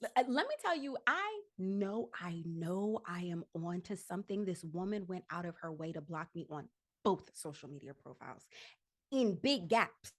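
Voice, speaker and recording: A woman's voice: lowish voice, big pitch swings, normal speed. A woman guest on a casual podcast chat, emphatic and repeating her points for effect.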